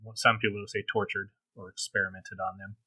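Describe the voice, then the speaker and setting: Low, bright-toned rambling male co-host. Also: little pitch movement, fast, husky, no echo, low-quality recording. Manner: rambling, hesitant, full of ums. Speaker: podcast co-host. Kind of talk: casual chat.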